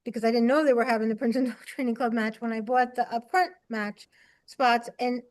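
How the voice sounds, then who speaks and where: A woman's voice: a little high, flat delivery, brisk. A woman dog handler explaining herself to her coach, hesitant and trailing off. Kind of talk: casual chat with a coach.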